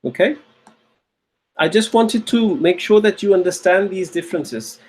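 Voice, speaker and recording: A man's voice: sits high, measured pace, a little mellow. A man teaching a recorded Arabic grammar lecture, patiently repeating key phrases and often checking with "okay?".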